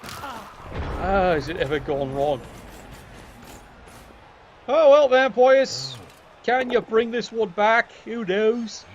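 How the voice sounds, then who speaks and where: A man's voice: sits high, big pitch swings, slow, pauses often, slight background noise. Wry man commenting on a game. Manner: wry, jokey, swears freely. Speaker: video game match commentator. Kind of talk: casual play-by-play commentary.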